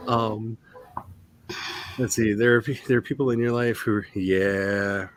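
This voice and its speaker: A man's voice: fairly low pitch, steady tone, unhurried. A man who is an author hosting a casual writing live stream, rambling with chuckles and reading chat comments aloud.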